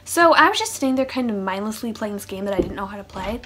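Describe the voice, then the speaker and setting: A vlogger chats her way through a funny storytime monologue, tossing in sarcastic asides. Her medium-pitched voice is animated and fairly bright, and she talks at a quick pace.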